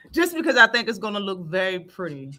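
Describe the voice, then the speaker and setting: A woman hosting a casual live talk stream, blunt and animated, laughing often. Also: medium pitch, moderate pace. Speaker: stream host. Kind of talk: casual chat.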